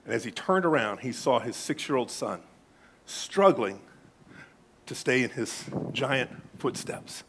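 A man's voice: medium pitch, expressive, measured pace, noisy background. A man, preaching a sermon to a congregation. He asks them questions and jokes with them as he goes. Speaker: pastor. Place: church sanctuary.

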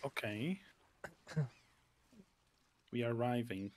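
A man's voice: medium pitch, takes it slowly, a little mellow. A man streaming a game with playful, casual commentary, game music behind. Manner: playful, chatty.

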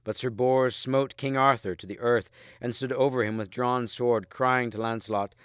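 Male audiobook reader, measured, clean, dry close sound. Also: medium pitch, smooth, no echo. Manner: steady, measured storytelling. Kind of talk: scripted narration.

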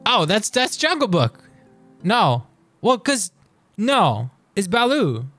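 A man streaming live and chatting casually through a quiz, excitable and quick to swear as he reads lyrics aloud. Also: high voice, soft background music.

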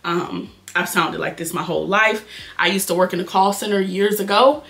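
Fast-talking nasal Detroit woman. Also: medium pitch, fairly bright tone. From Detroit, Michigan. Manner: fast-talking, chatty, addresses viewers as y'all. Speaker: beauty vlogger. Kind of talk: casual chat while doing makeup.

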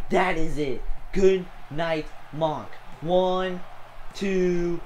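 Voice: mid-range voice, unhurried, slight background noise, rough recording. A gamer calling a wrestling video game match play by play, exclaiming often and talking to the wrestlers on screen. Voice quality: excitable, full of gasps and "oh"s.

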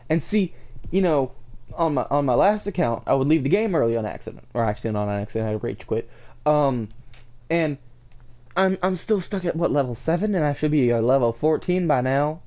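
Playing on his gaming channel, a tired man trash-talks and swears through excitable commentary on his own desk mic. His voice runs on the high side and a little fast, cracking whenever he gets worked up.

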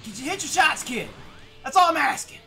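Guy yelling and cussing over a fighting game, real bouncy voice, sharp tone. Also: very high-pitched, very animated, a little fast, vocal fry, faint music behind. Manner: yelling, swearing, goofy trash talk. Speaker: gaming channel host. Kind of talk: loud casual gameplay banter.

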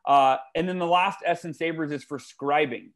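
A man, a guest author in a podcast interview, telling stories in an animated way with big swings in his voice. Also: on the high side, moderate pace. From United States.

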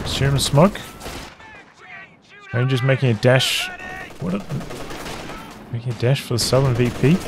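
A man giving rapid play-by-play commentary on a strategy game as its caster, with exasperated outbursts. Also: mid-range voice. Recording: noisy game audio underneath. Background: game sounds: gunfire, artillery, vehicles.

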